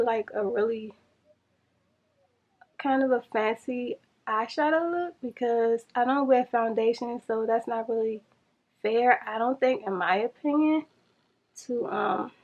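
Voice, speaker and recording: A woman chatting to viewers in a casual makeup challenge vlog, flustered and rushing against a timer. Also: fairly high pitch, a little mellow, highs cut off. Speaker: beauty vlogger.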